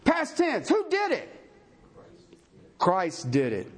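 A man preaching a sermon with a high voice that swings widely in pitch. He reads scripture slowly and breaks off into folksy, conversational asides. His delivery jumps between soaring emphasis and low, hushed remarks. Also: huge pitch swings, slightly rough. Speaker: pastor.

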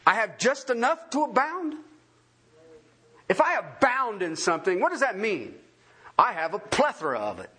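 A male pastor delivers a sermon and keeps turning to his listeners with questions. His voice sits high and bright, with a wide, swooping pitch. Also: normal speed, long pauses, a little hiss or hum. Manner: animated, asks the congregation many questions.

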